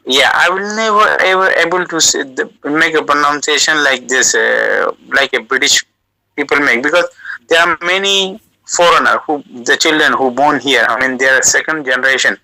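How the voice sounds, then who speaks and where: Man, South Asian first language, bright forceful tone, halting with fillers, dry close sound, audio call. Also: on the high side, gravelly, dry recording, poor audio. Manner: slow, halting, many uh fillers and restarts. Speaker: guest giving language advice. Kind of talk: casual advice over an audio call. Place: lives in the United Kingdom.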